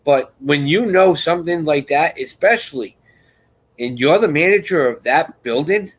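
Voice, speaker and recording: A man whose voice is on the high side speaks at normal speed on poor audio, hosting a live chat. He rambles repetitively through a story, restarts sentences, and performs others' lines in quoted voices.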